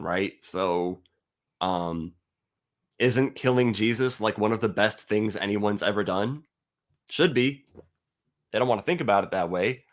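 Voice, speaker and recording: A man giving a heated, profane monologue to his viewers, blunt and argumentative, sometimes reading a passage aloud slowly. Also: on the low side. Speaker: atheist video host. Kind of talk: ranting monologue to camera.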